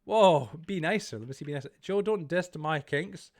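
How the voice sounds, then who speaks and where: A man's voice: on the high side, expressive, moderate pace. A young man streaming live, chatting casually, swearing freely and reacting to viewer chat he reads aloud.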